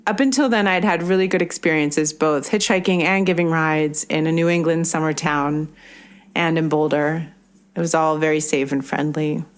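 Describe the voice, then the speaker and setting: A woman telling a personal road-trip story in a measured, earnest way. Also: sits low, fairly even intonation.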